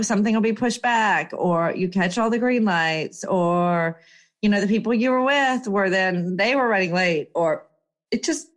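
Chatty woman, animated storyteller. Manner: chatty, animated, emphatic with swings up in pitch. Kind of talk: casual storytelling monologue.

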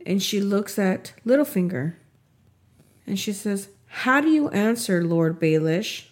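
A woman talks through a story in a relaxed, unhurried way, drawing her words out. She acts out each character's lines as she goes. Her pitch sits in an ordinary middle range. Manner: animated retelling, acts out quotes. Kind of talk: casual podcast recap.

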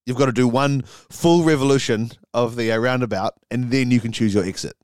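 A man's voice: mid-range voice, brisk, a little mellow, smooth, dry recording, clean studio sound. A man co-hosting a comedy podcast, improvising a silly story with many ums and laughing at his own jokes.

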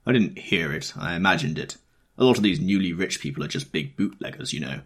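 A man's voice: sits low, lively intonation, fairly quick, fairly bright tone, breathy edge, full character voice. A man voicing a blunt, scornful wealthy man in an offhand manner.

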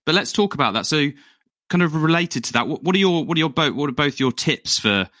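A man hosting a podcast, asking halting questions full of restarts. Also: a little high, lively intonation, pushed and bright, no echo, clean studio sound. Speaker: podcast host. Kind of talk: casual podcast chat.

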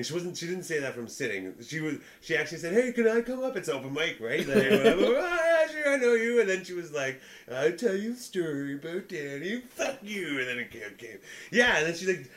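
A young man telling a rambling, animated story in casual chat, often breaking into laughter. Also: a little high. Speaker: podcast co-host, comedian.

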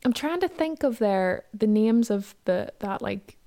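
Northern irish lady on a podcast, chatty storyteller, everyday pitch. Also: a little slow. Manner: storytelling, animated. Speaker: podcast co-host. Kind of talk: casual podcast chat.

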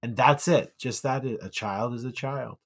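A man's voice: unhurried, slightly rough. A man co-hosting a podcast, chatting casually about an old film, often restarting sentences with sudden lifts in emphasis. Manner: animated, restarts a lot, pitch jumps for emphasis. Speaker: podcast co-host.

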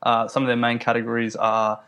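An Australian man co-hosting an investing podcast, relaxed and wry, with many "uh" and "um" fillers. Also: mid-range voice, a little fast, smooth. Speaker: podcast co-host. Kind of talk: casual investing podcast chat.

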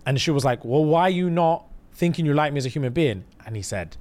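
A man's voice: a little high, brisk. A man co-hosting a podcast, retelling a show in casual chat and acting out the quotes. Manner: animated storytelling, acting out quotes. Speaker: podcast co-host.

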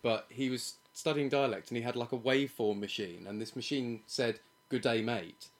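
This is a young man chatting casually among friends as host. He laughs a lot and drifts into rambling tangents. His voice sits at an ordinary middle pitch. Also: a little fast. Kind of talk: casual chat.

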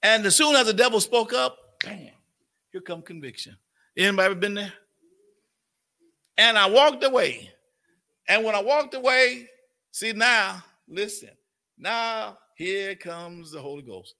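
A man preaching at a fairly high pitch, his voice bright and gravelly. He talks emphatically and keeps throwing rhetorical questions to the congregation. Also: unhurried, long pauses. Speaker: pastor. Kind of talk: sermon.

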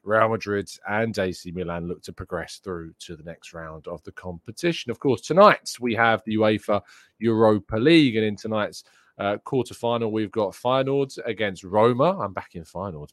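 A man's voice: fairly low pitch, dry recording, clean studio sound. A man hosting a daily football news show, chatting casually through fixtures and reading out viewers' questions, with frequent ums and uhs.

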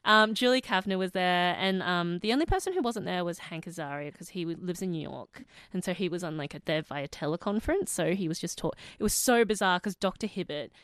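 A young Australian woman chats as a podcast guest, her voice sitting low yet swinging widely in pitch as she spins her stories. She laughs easily, and the sound is close and dry. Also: brisk, few pauses, clean tone, no room sound. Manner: animated storyteller, laughs often. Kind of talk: casual chat.

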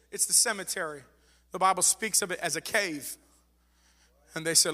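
A man's voice: high voice, moderate pace, sharp tone. A man preaching a sermon as pastor, fervent and repeating phrases for emphasis. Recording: long reverb of a large hall.

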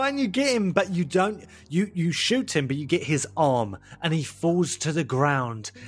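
A man narrating a tabletop role-playing game as game master, playful and laughing often. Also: sits high.

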